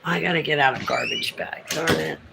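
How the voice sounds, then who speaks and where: A man's voice: on the high side, sing-song, brisk, vocal fry, heavy background noise. A man vlogging casually from a cluttered room at home on a handheld phone, rambling and cooing baby talk to his pets. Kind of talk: casual home livestream chat. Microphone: handheld phone camera.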